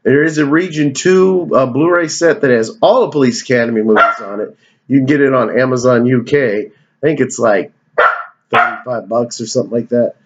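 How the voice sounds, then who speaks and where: A man's voice: medium pitch, a little fast, dull audio, a little hiss or hum. Rambling, profane male movie vlogger. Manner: digressive, profane, joking. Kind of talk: casual rambling movie rundown.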